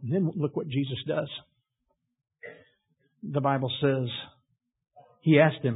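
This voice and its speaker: A man preaching a sermon, retelling scripture in a storytelling way and building to loud emphasis. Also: mid-range voice, fairly even intonation, slow, long pauses, breathy edge. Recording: tinny phone-like audio.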